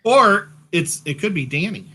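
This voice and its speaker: A man's voice: high-pitched, lively intonation, moderate pace, bright, forceful tone. A man co-hosting a casual chat, playful and talkative with joking asides, a bit sleepy. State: sleepy, yawning. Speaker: co-host.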